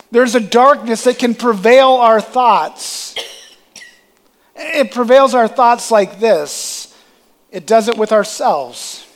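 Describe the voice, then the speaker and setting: A man preaching a sermon, calling out to his congregation with rising emphasis. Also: sits high. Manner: preaching with rising emphasis and audience call-and-response.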